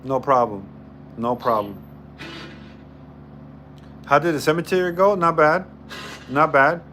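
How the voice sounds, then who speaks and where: A man's voice: on the high side, unhurried, bright, forceful tone, a little hiss or hum. A man hosting a casual live stream on his phone, chatting with viewers, greeting them by name, and repeating himself as he goes. He says he is tired.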